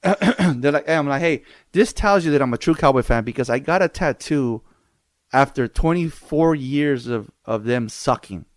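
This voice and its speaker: A man's voice: medium pitch, moderate pace, no room sound. A man hosting a podcast, telling stories in casual chat with lots of swearing. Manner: animated, profane storytelling. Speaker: podcast host.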